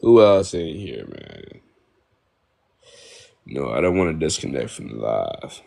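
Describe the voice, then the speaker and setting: A man's voice: low voice, sing-song, takes it slowly, gravelly, pauses often, a little mellow. A young man from Ohio chatting casually with viewers on a live stream, laid-back slang, repeating himself, on a phone mic. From Ohio, United States.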